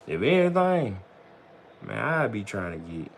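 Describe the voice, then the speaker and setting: A man's voice: lowish voice, very animated, unhurried, gravelly, slight background noise. A man chatting casually on his livestream in loose slang, rambling and often tossing in "bro" and "you know what I'm saying". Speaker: vlogger on a livestream.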